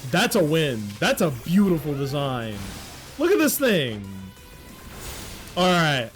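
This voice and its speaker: A young man streaming a game, excitable and joking with his chat, swearing freely. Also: a little high, slow, faint music behind. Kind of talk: casual gaming commentary.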